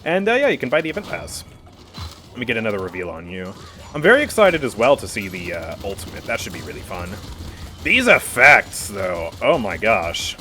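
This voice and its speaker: A man's voice: lowish voice, big pitch swings, fairly quick, pushed and bright, a little hiss or hum. A man streaming a game live, chatting casually with his viewers and laughing often as he comments.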